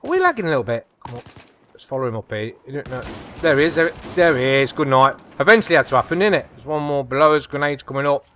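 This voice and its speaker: A man giving chatty, excitable live commentary over a shooter game as a gaming channel host. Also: mid-range voice, fast talker, a little hiss or hum. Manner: chatty, excitable, repeats come on and whoa. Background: faint game gunfire.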